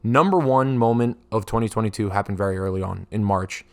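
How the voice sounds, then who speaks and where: A young man hosting a podcast, telling a profane, animated story alone and acting out the voices of the people in it. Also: fairly low pitch, brisk. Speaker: podcast host. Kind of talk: casual solo storytelling. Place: podcast studio.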